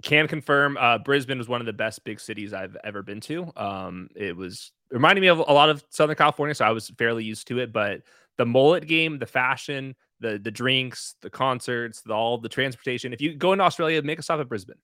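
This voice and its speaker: A man's voice: medium pitch, expressive, fairly quick, pushed and bright, no echo, clean studio sound. A young man talking as a podcast guest, breaking things down in a loose, chatty way full of "like" and "uh". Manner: loose, chatty, uses lots of fillers like "like". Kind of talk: casual podcast analysis.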